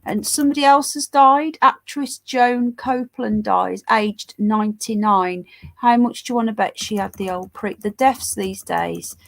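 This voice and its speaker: A woman's voice: medium pitch, unhurried, gravelly. A woman with a stuffy head cold hosting a livestream, reading headlines and chat aloud with sarcastic, scornful asides. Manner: sarcastic, scornful commentary, chatty asides to viewers. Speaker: livestream news host.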